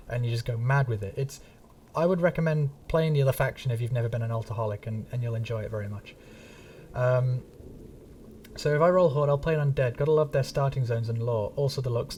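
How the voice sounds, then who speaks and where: A man's voice: medium pitch, darkish tone, far from the mic, slight background noise. A man from England with a neutral English accent, chatting casually and rambling while streaming a game, swearing now and then. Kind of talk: casual gaming stream chat.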